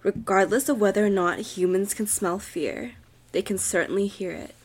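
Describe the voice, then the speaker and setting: A young woman with a soft, breathy voice reads a creepy story aloud for a podcast. She drops to a near whisper whenever the tension builds. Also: medium pitch, moderate pace. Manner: drops to a whisper at tense moments. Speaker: podcast co-host reading a story. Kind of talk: dramatic horror story reading.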